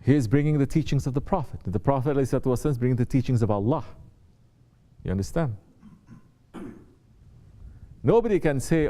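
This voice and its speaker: With a dark-toned mid-range voice, this man speaks in an animated, racing way broken by long pauses. He is a Sufi teacher giving his students a spiritual talk, repeating his points and checking in often with short rhetorical questions.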